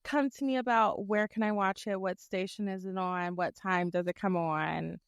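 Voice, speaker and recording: A woman's voice: medium pitch, steady tone, normal speed, clear, resonant tone, no room sound, clean studio sound. A young woman hosting a casual sports podcast, upbeat as she runs through reminders and the sign-off. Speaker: podcast host.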